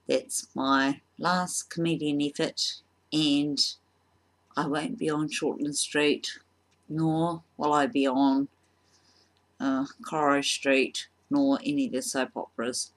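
Low, slow New woman. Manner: self-deprecating, halting with ums. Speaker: vlogger. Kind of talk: casual comedy vlog.

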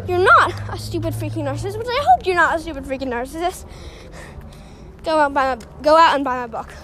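A young host with a high voice talks while walking outdoors. She rambles in a silly, self-mocking way and is a little out of breath, with faint noise behind her. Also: a bit bright. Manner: silly, self-mocking, jumps between topics. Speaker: podcast host. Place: outdoors on a walk near a road.

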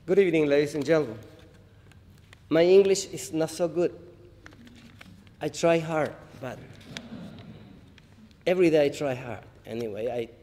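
A man from Paraguay, a harpist, introducing songs on stage in halting, humble English after a Spanish greeting, with pauses and restarts. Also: medium pitch, warm tone. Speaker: harpist performer. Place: large hall, live audience. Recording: roomy hall reverb, faint ambience.

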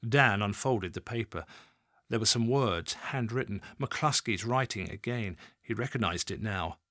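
A man narrating a crime audiobook in an expressive, dramatic reading. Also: lowish voice, measured pace, no room sound, clean studio sound.

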